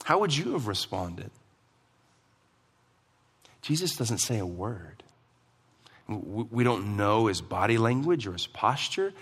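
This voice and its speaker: A man preaching a sermon as pastor, emphatic and asking the congregation questions, in a church hall. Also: fairly low pitch. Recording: long hall reverb.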